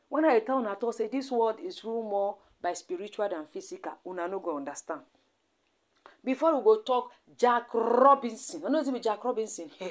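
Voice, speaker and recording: A Nigerian woman telling a celebrity gossip story in a dramatic, repetitive, exclamatory way. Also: mid-range voice. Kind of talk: storytelling commentary in Pidgin.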